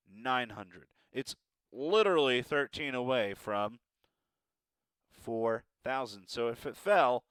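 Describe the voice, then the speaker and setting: A man's voice: mid-range voice, fairly bright tone, dry recording. A man teaching a math lesson, encouraging and playful with joking asides.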